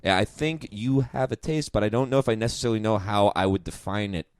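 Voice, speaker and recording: A man's voice: lowish voice, quick pace, a little mellow, smooth, dry recording, studio quality. A man hosting a casual chat, rambling and self-mocking as he talks. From New York. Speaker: podcast host.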